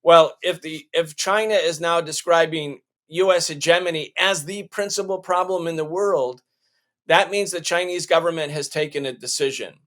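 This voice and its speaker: A man's voice: fairly high pitch, normal speed, a bit bright. A male show host giving emphatic political commentary, often restarting his sentences.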